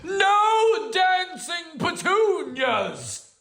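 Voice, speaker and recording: Brief: dad putting on a grumpy pompous storybook bear, huffy and raised, roomy home echo. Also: male voice, medium pitch, huge pitch swings, a little slow, exaggerated voice. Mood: shouting. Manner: huffy, haughty, grows louder. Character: grumpy fussy male bear, pompous, easily annoyed.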